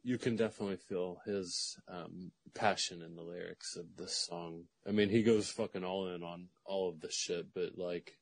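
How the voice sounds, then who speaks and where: A man's voice: low voice, steady tone, normal speed, hardly any pauses, no echo, rough recording. A man co-hosting a podcast, chatting casually about music with a lot of swearing and laughter. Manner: profane, rambling, laughs often. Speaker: podcast co-host. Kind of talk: casual chat.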